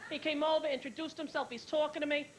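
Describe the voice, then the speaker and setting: A woman in her thirties performing a brash, fast-moving stand-up comedy set, acting out other people's lines, with an audience laughing. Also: high-pitched, steady tone, rough recording. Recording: old VHS tape with hiss.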